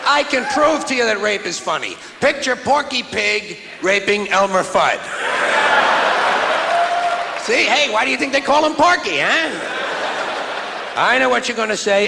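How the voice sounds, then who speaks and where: Gravelly high-voiced male stand-up comic. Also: very animated, normal speed. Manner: profane, sardonic, building to shouted punchlines. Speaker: stand-up comedian. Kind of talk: stand-up comedy routine. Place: theater stage before a live audience. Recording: echoey hall, audience laughter, noisy.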